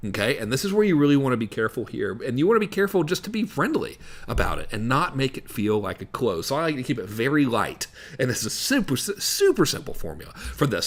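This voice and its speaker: A man coaching on sales in a casual, instructional way, acting out parts of his calls as he explains. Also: medium pitch. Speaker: business coach.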